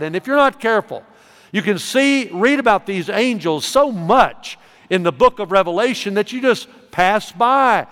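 A man preaching a sermon as pastor, emphatic, swinging between loud stresses and soft asides. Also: high-pitched, expressive, moderate pace. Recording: long reverb of a large hall.

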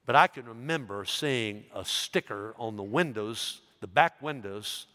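A male pastor preaching a sermon with fervor, building loud and high on his emphatic points and dropping low and quiet for asides. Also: expressive, unhurried. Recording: long hall reverb.

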